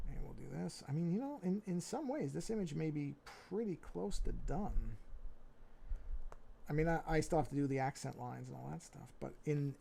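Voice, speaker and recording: A man with a gravelly, mellow voice talks through his drawing as he works, thinking aloud in a relaxed, mumbling way. His head is bent over a tablet, away from the fixed mic. A faint hum sits underneath. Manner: thinks aloud, low-key and mumbly with frequent restarts. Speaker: artist streaming his drawing. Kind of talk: casual running commentary while drawing. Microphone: fixed mic while he looks down at a tablet.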